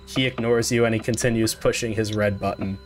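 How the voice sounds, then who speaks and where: A man's voice: fairly low pitch, fairly even intonation, brisk, over music. A man narrating as game master of a tabletop game in a casual, matter-of-fact way.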